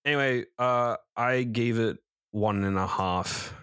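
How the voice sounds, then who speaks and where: A man's voice: medium pitch, unhurried, fairly bright tone, clean tone, no echo, clean studio sound. A man co-hosting a podcast, reviewing films in a rambling casual chat, correcting himself and swearing freely. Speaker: podcast co-host, film reviewer.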